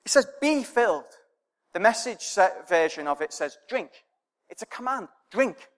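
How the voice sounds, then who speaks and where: A man preaching a sermon with emphatic repetition and rhetorical questions, his voice swelling and then falling to near quiet. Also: high voice, sing-song, normal speed, in a large hall.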